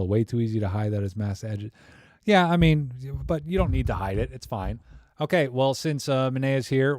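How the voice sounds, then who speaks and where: A man's voice: on the low side, mellow, no room sound, studio quality. A man hosting a live camera Q&A, chatting in a rambling, enthusiastic, slangy way. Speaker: livestream host. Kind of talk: casual live Q&A chat.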